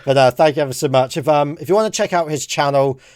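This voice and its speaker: A man hosting a casual gaming livestream, chatty and quick to laugh. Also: no room sound, clean studio sound. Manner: chatty, laughs often, lively pitch. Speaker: livestream host. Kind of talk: casual gaming stream chat.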